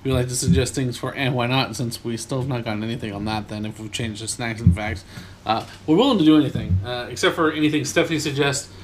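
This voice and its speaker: A man's voice: mid-range voice, quick pace, background noise. A man co-hosting a casual snack-tasting podcast, talking in an easygoing, rambling way with lots of fillers. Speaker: podcast co-host. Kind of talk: casual chat.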